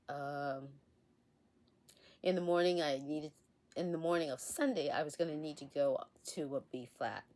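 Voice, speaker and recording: A woman hosting her own channel, chatting to camera in a casual, rambling way while her voice is still hoarse from illness. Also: sits low. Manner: chatty, rambling with restarts and soft laughs. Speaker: essential oils channel host. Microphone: facing a camera.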